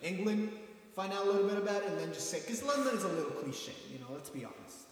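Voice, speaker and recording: A man's voice: high voice, expressive, fast, far from the mic. Man chiming in, echoey room. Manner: chiming in with advice, repeats words. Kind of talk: casual chat. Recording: echoey room, faint noise.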